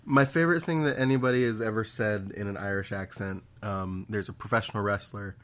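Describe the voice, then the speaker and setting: Crude, playful male podcast co-host, a bit low-pitched. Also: steady tone, a little fast, a bit bright. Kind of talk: casual podcast chat.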